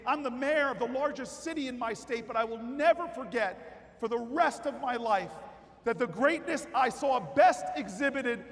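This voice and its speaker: A man giving a political convention speech, telling a story that builds to shouted rallying cries. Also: extremely high pitch, normal speed. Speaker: keynote speaker. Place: large convention hall with crowd. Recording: hall reverb with crowd.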